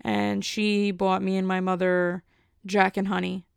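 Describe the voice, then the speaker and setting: Rambling woman with a gravelly, flat voice. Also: mid-range voice, measured pace, dry recording, clean studio sound. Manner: rambling, filler-heavy storytelling. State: a bit out of breath. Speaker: podcast host. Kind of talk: casual solo podcast chat.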